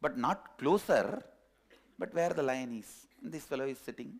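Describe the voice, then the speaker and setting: A man telling a story in a sermon, animated and acting out the characters. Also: mid-range voice, normal speed, vocal fry, slight background noise. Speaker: spiritual teacher. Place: teaching hall.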